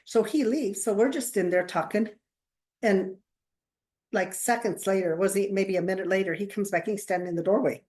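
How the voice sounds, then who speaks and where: A woman talks casually as a podcast co-host, spinning stories from her counseling work. She acts out other people's lines with lively changes of voice and breaks into laughter along the way. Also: mid-range voice, moderate pace. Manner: animated storyteller, acts out quotes, laughs often. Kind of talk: casual chat, storytelling.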